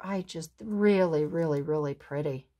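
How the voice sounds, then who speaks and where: A woman crafter doing an unboxing, gushing admiringly and filling pauses with fillers. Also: sits low, dark tone. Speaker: craft vlogger. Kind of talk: unboxing show-and-tell.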